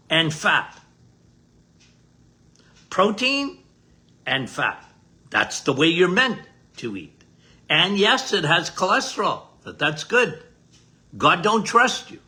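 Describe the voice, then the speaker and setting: Older guy doctor on a podcast, slow and emphatic, sounds like he's preaching, voice bouncing all over. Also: high voice, bright, forceful tone. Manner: emphatic, repetitive, folksy preacher-like delivery. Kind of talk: casual health talk monologue.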